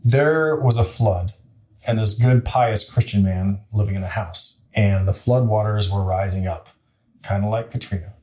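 A man's voice: fairly low pitch, normal speed, dark tone. A man in his forties, a city council member and interview guest, telling a story in an earnest, plainspoken way with frequent restarts. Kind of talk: candid conversational storytelling.

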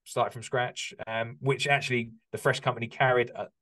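A man's voice: mid-range voice, little pitch movement, normal speed, a bit bright. A man from the UK in his forties, a podcast guest reflecting candidly on rebuilding his business, with frequent ums and restarts. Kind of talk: candid conversational interview.

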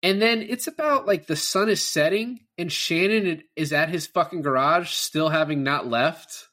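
A man's voice: on the high side, normal speed, hardly any pauses. A man talking casually about a movie, swearing often and acting out the characters' lines. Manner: animated, swears often, acts out quoted lines. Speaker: podcast co-host. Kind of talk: casual film discussion.

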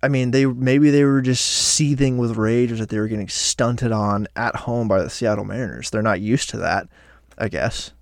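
A man casually recapping a week of baseball as a fan, animated and swearing freely, on a close microphone. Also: mid-range voice, normal speed, gravelly, dry recording. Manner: animated, profane, fan banter. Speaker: sports podcaster.

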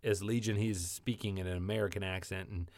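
A man in a relaxed podcast chat about actors and TV shows, rambling and animated with lots of restarts. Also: deep voice, fairly quick, dry recording, studio quality.

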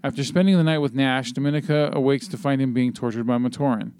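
A man's voice: medium pitch, fairly even intonation, fast, darkish tone, clean tone, no echo. A man hosting a podcast, recapping a film plot in a loose, rambling way, full of fillers and casual swearing. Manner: rambling with many ums and swearing, reading a plot summary. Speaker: podcast host.

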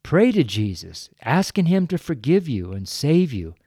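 A man's voice: mid-range voice, sing-song, measured pace, mellow, breathy edge, no room sound, studio quality. An older man giving an earnest, folksy evangelistic sermon as a preacher, with chuckles here and there. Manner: earnest, folksy, breaks into chuckles, gets choked up. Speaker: street preacher.

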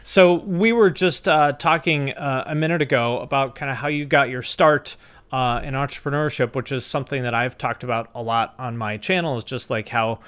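A man's voice: medium pitch, normal speed, fairly bright tone, clear, resonant tone, no echo. A man hosting a podcast, giving frank, casual advice and chatting with a guest, swearing now and then. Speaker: podcast host.

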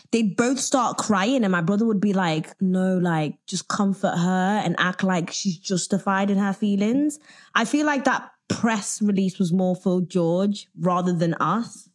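A woman co-hosting a sports podcast in casual chat, telling stories in a relaxed, dry, matter-of-fact way. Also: fairly low pitch. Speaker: podcast co-host.

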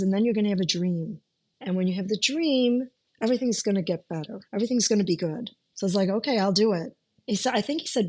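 A woman's voice: mid-range voice, darkish tone. Middle-aged woman telling her story, lots of "like" and restarts, emotional. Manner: conversational, emotional, many restarts and "like". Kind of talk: personal storytelling interview.

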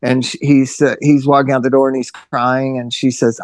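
A male podcast host in casual chat, telling stories in an animated way, swearing and swinging his pitch widely. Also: brisk, hardly any pauses, dry recording.

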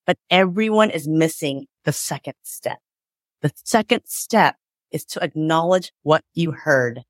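A woman's voice: low-pitched, animated, a little slow, no echo, clean studio sound. A woman divorce mediator in a conversational interview, explaining with acted-out examples and lots of "like" and "right?".

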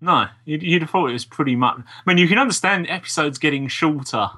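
Man, podcast co-host, husky voice, bright tone, reasoned explaining. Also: a little high, fast. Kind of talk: casual chat.

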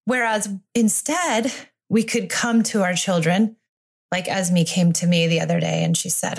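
A woman's voice: mid-range voice, expressive, a little slow, vocal fry. A woman hosting a solo parenting podcast, speaking in a reflective, earnest way and sometimes acting out conversations. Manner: reflective, earnest, acts out dialogue. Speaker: podcast host and family therapist.

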